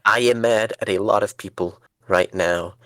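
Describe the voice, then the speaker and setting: A man's voice: fairly low pitch, steady tone, moderate pace, fairly bright tone. A man role-playing a flustered, anxious character in a tabletop game, stammering as he talks. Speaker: player.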